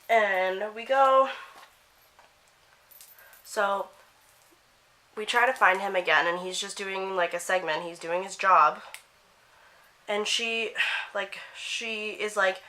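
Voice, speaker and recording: A young woman from Canada telling a story to camera, animated, acting out the quotes and saying "like" a lot. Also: medium pitch, unhurried, pauses often, low-quality recording. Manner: animated, acts out quotes, heavy use of "like". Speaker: vlogger. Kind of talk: chatty storytelling while getting ready.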